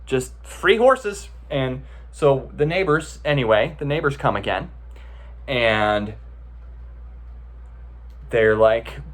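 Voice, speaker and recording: A man's voice: medium pitch, animated, slow pace, pauses often. A man giving a casual, conversational talk as a meditation teacher, often checking in with the listeners as he tells a story.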